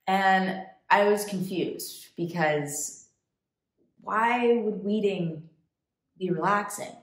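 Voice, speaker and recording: A woman from the United States, a travel vlogger, telling a story to camera in a chatty, animated way. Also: mid-range voice, slow, pauses often, echoey room. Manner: chatty, animated, quotes people in put-on voices.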